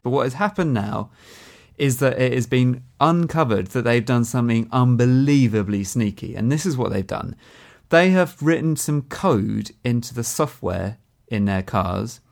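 A man's voice: medium pitch, animated, moderate pace, gravelly, darkish tone. A man co-hosting a podcast, explaining a news story step by step in a casual chat, with many ums. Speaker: podcast co-host.

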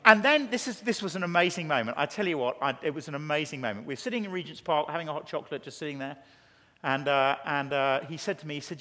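A man with an English accent preaching a conference sermon, telling stories and acting out quotes in an animated way. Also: on the high side, quick pace. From England. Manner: animated, storytelling with acted quotes. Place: large conference hall. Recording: long hall reverb.

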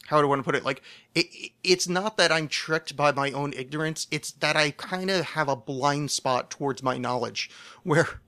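A man's voice: a little high, moderate pace, sharp tone. A man hosting a casual solo podcast, rambling in a loose, profane, self-deprecating way. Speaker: podcast host.

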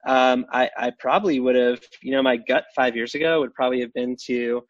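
A man's voice: mid-range voice, steady tone, no echo, lo-fi sound. A man speaking as a podcast guest in casual chat, stumbling over restarts and fillers. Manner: halting, many restarts and fillers.

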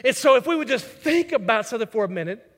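A man preaches a sermon, mixing scripture with stories and acting out quoted voices. His voice sits high for a man. The sound carries the long reverb of a large hall. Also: sing-song, quick pace, a bit bright. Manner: storytelling, acts out quoted voices. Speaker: pastor.

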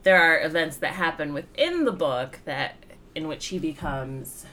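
Low-voiced woman rambling about a comic, lively up and down pitch, lots of ums. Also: a little slow, a little hiss or hum. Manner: chatty, laughs easily, rambling with fillers. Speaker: podcast co-host reviewing comics. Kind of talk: casual chat.

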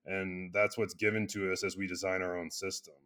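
A chiropractor being interviewed, talking earnestly in a casual conversation with loose restarts and frequent fillers. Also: male voice, sits low, level tone, fairly quick, pushed and bright. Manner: earnest, speaks in loose restarts with many "you know" fillers. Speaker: chiropractor and clinic founder.

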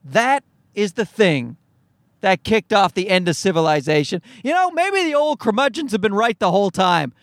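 A man's voice: sits high, very animated, normal speed, a bit bright, no room sound, studio quality. A man hosting a solo podcast, ranting in an exasperated, profane and rambling way. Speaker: podcast host. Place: recorded at home at night.

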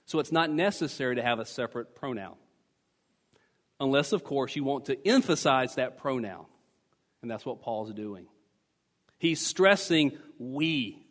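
A man preaching a sermon as pastor, emphatic and teaching, repeating key phrases to drive points home. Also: mid-range voice. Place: church sanctuary. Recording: long church reverb.

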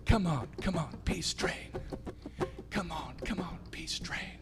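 A man's voice: on the high side, loud music behind the voice. A man singing a folk song during a church service, leading the congregation in call-and-response. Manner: drawn-out singing, call-and-response, dropping to a whisper. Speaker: church musician. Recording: loud band and country-style instruments.

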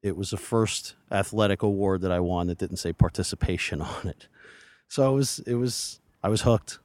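A man in his forties speaks in a low, dry voice with no room sound around it. He talks earnestly and rambles, restarting his sentences as he goes. This is a casual interview recorded outdoors beside a lake. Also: normal speed, darkish tone, no echo. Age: 40s. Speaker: podcast guest.

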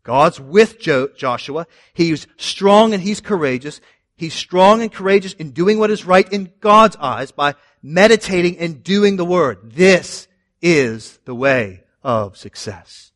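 A man preaching a sermon in an animated way, moving between loud emphasis and quiet asides. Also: fairly high pitch, slow pace, no room sound, clean studio sound. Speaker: pastor.

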